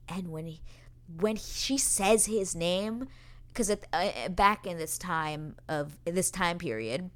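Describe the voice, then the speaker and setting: A woman with a low voice hosts a casual podcast recap. She gushes and rambles with plenty of fillers, emotional about every scene she retells. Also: takes it slowly, a bit bright. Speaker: podcast host. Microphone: podcast microphone.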